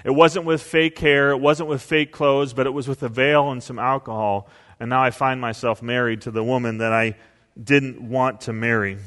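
A male pastor preaching a sermon, telling stories and acting out quotes with big swings in pitch and volume. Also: fairly even intonation, normal speed, a bit bright, long reverb tail.

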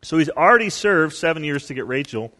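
A male pastor preaching a sermon, telling stories and acting out quotes with big swings in pitch and volume. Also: lively intonation, brisk, bright, forceful tone, in a large hall.

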